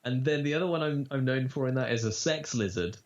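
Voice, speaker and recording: A man who works as a voice actor, talking casually in an interview and telling animated stories, with quick demo voices. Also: medium pitch. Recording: dull lo-fi audio.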